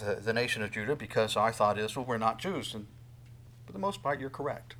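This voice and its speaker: A man preaching a sermon, swinging from soft asides to loud, dramatic bursts and acting out quoted voices. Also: mid-range voice, lively intonation, a little fast. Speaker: pastor.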